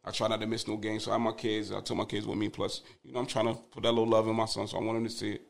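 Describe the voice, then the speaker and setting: A young man, a father of twins, telling stories as a podcast guest in a casual, animated, profane way. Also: lowish voice, very fast, creaky. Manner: animated, profane storytelling with laughter.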